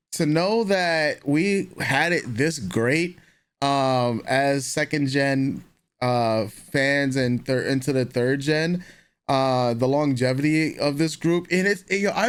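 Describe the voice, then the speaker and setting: A man's voice: mid-range voice, slow pace, smooth. A man co-hosting a music reaction video, chatting in a laid-back, slangy way. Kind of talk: casual reaction chat.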